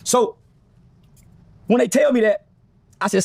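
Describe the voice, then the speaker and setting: A man's voice: very high voice, measured pace, gravelly, dry recording. A man telling a story casually and profanely, acting out other people's lines as he goes. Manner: animated, profane, acts out quoted voices. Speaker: guest.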